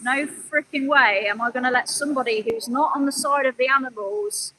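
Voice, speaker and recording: A woman's voice: high voice, brisk, bright, forceful tone, slight background noise, poor audio. A woman animal rights activist livestreaming outdoors, talking earnestly, pleading one moment and scolding her chat the next. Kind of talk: live stream commentary.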